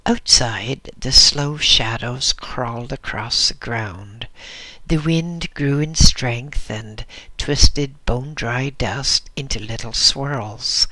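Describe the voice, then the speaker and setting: A man narrating an audiobook in a measured, descriptive storytelling manner. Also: mid-range voice, bright, forceful tone, no echo.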